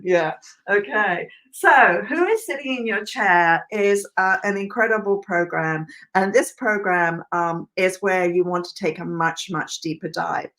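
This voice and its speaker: A woman teaching a live online hairdressing class, lively and emphatic, laughing often. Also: medium pitch. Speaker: hairdressing educator.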